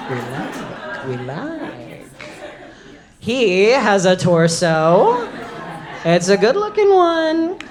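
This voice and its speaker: A comedic storyteller telling a live story to an audience, animated and bursting into loud shouts at punchlines. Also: female voice, mid-range voice. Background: audience laughter.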